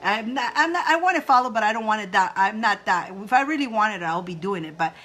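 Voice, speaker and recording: Animated, bright-voiced woman from Egypt. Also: medium pitch, fast. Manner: playful, laughs often, animated roars and breathing cues. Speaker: spiritual advice host. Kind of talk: casual spiritual advice talk to viewers.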